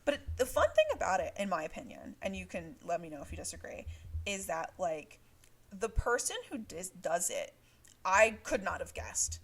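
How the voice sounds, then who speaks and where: A woman's voice: fairly low pitch, sing-song, normal speed, slightly rough. A woman co-hosting a book podcast, chatting casually with lots of laughing and fillers. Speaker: podcast co-host.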